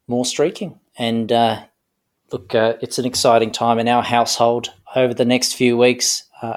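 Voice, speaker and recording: A middle-aged man from Australia chatting casually as a podcast co-host, with many fillers and restarts. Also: medium pitch. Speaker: guest co-host.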